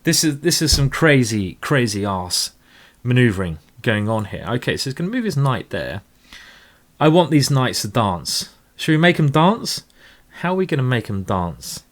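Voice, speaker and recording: A man's voice: mid-range voice, sing-song, normal speed. A man commentating live blitz chess games, rambling and emotional with tipsy asides. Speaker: chess streamer.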